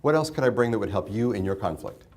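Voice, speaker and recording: A man's voice: lowish voice, expressive, fast, darkish tone. Man teaching a class on mediation. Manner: conversational, asks the class questions and repeats their answers. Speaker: mediation instructor. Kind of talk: interactive classroom lecture.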